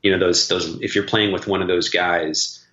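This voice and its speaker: A middle-aged man recounts his music stories with eager, rambling enthusiasm. His voice sits a little low but sounds bright and forceful. The remote recording is echoey and slightly muffled. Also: fairly even intonation, moderate pace. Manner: enthusiastic storyteller, many fillers like "like". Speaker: session guitarist, guest. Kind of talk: casual interview chat.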